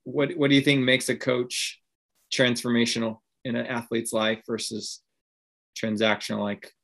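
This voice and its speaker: A man's voice: mid-range voice, flat delivery, moderate pace, fairly bright tone. Man asking interview questions. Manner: reactive, short affirmations.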